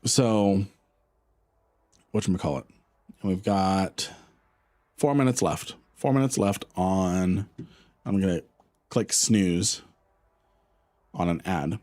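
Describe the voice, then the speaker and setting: Laid-back, slow-talking male game streamer. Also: sits low. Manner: relaxed, rambling, answers chat, laughs often. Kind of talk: casual live-stream chat.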